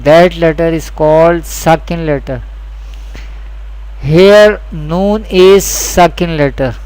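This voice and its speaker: A man teaching Quran reading rules in a slow, deliberate lesson, repeating each key point and speaking English with a South Asian accent. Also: on the high side, a little mellow, smooth, poor audio. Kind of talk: slow scripted lesson narration.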